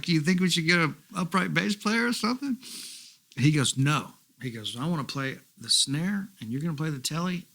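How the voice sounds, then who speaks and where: A middle-aged man, a guest musician, casually telling rambling anecdotes and quoting others along the way. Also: medium pitch. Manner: relaxed rambling anecdotes, quotes others, swears. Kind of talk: casual storytelling.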